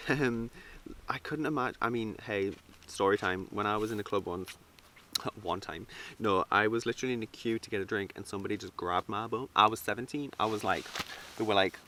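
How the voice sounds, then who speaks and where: A young man rambling through a casual vlog review, animated and full of fillers. His voice sits fairly low. Behind him there is a faint hiss of noise. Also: a little fast. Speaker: reality show reviewer.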